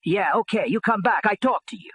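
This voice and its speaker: A man puts on an older Italian immigrant father, calm and dismissive, speaking in clipped broken English with an Italian accent. The voice is pitched a little high, with a dry, close sound. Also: a little fast, breathy edge, dry recording.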